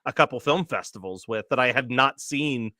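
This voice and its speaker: A man's voice: medium pitch, moderate pace, sharp tone, dry recording, studio quality. A man in his late thirties, co-hosting a casual chat and telling a long story full of fillers and laughs. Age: late 30s. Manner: rambling storyteller, many fillers, laughs often. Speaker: co-host.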